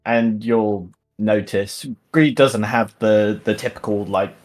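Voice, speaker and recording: A man playing a tabletop role-playing game, describing his character in slow, drawn-out phrases. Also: on the low side, fairly even intonation, darkish tone, soft background music. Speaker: player.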